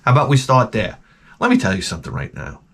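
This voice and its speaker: A middle-aged man hosting his channel, telling a comic story in a profane, animated rant full of restarts. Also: medium pitch, quick pace, slightly rough. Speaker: host.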